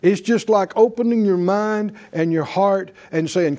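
A man's voice: high voice, a little slow, mellow. A man preaching a sermon, leading the congregation in call-and-response.

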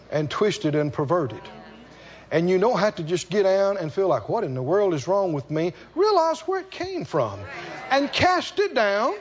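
High-voiced, lively male preacher. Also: dull audio. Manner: folksy, animated preaching with acted-out dialogues. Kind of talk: sermon.

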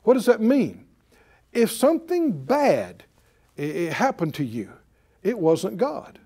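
Man, sermon, high voice, lively intonation, emphatic, folksy, repeats words. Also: slow. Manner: animated, emphatic, chuckles often. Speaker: Bible teacher.

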